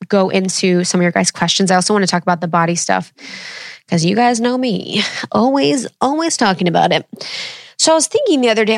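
A woman's voice: mid-range voice, no room sound. Casting note: woman in her thirties, solo podcast host, loose and candid, salty language, dry close sound. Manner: candid, rambling, swears freely, lively quoted asides. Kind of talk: casual solo chat.

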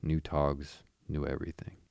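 Blunt, jovial storybook otter, male, very low and gravelly, read by a man. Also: completely flat delivery, moderate pace, darkish tone, dry recording, clean studio sound. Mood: hearty.

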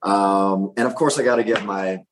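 A man's voice: fairly low pitch, fairly even intonation, normal speed, a little hiss or hum. A man on a podcast as a guest, easygoing and upbeat, chuckling as he promotes his shows. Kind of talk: casual chat and self-promotion.

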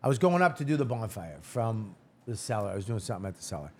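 A man from Boston, a guest comedian, telling a profane, animated story on a casual podcast and acting out the quotes. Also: fairly low pitch, fast, husky.

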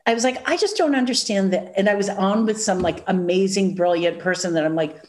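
A woman with a nasal Chicago accent, chatting as a guest and telling animated stories full of acted-out quotes. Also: medium pitch, brisk. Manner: animated storyteller, acts out quotes, many fillers. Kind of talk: casual chat.

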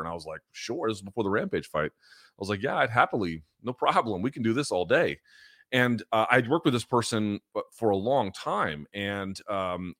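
A man hosting a podcast, telling a story in a casual, animated and emphatic way and swearing freely. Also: fairly low pitch, no echo, clean studio sound. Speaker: podcast host.

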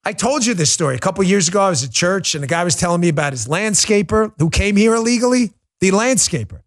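A man's voice: high-pitched, animated, quick pace. A man hosting a political commentary show, ranting in a heated, mocking way and breaking into laughter. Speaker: podcast host.

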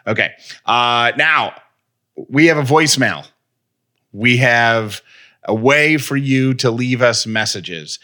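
Guy co-hosting a podcast, bright voice, keeps rambling and restarting. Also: mid-range voice, slow. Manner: rambling, self-interrupting. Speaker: podcast co-host. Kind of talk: casual chat.

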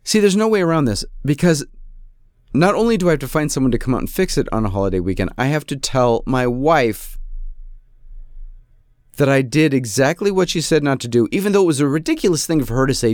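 A man's voice: fairly high pitch, big pitch swings, fairly quick, dry recording, studio quality. A man hosting a podcast, telling a comic story in an exasperated, self-mocking rant. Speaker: podcast host. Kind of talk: casual comedic storytelling.

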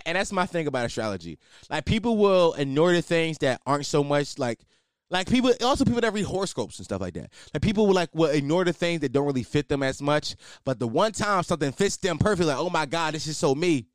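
A man's voice: fairly high pitch, clear, resonant tone, no room sound, studio quality. A man podcaster doing a comedic, profane rant, repeating himself as he riffs.

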